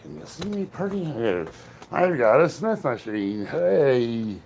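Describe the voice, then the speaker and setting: A man's voice: mid-range voice, very animated, takes it slowly, creaky, a little mellow, a little hiss or hum. Blunt middle-aged man rambling. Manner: rambling, thinks aloud, blunt with casual swearing. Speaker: strength athlete livestreaming his workout. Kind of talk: casual livestream chat. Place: home gym. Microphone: camera set up across the room.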